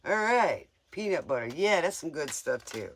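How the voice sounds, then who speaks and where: A man's voice: a little high, very animated, moderate pace. A man giving a casual live tarot reading in a playful, joking way, often giggling. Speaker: tarot reader.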